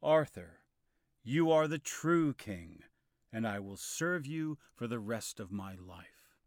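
A man voicing Sir Hector, a dignified older knight and father in a storybook reading, speaking calmly and in measured tones. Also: medium pitch, dry recording, studio quality. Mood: solemn. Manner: calm and measured.

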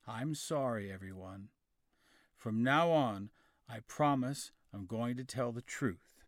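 A man's voice: slow, dry recording, clean studio sound, close to an everyday voice. A man voicing a young shepherd boy in a storybook reading, crying out in a raised, pleading voice. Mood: earnest. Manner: pleading high cries. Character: young shepherd boy, fibbing then frightened.

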